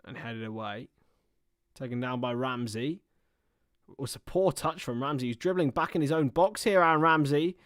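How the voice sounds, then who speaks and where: A man's voice: medium pitch, normal speed, fairly bright tone, smooth, no room sound, clean studio sound. A man commentating live on a football match for a livestream, mixing play-by-play with chatty, self-mocking asides.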